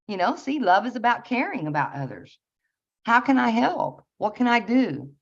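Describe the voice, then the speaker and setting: A woman giving a casual spiritual talk, earnest and meandering, with soft laughs and many fillers. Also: fairly high pitch, very animated, normal speed. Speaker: spiritual channel host. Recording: slightly dull lo-fi audio.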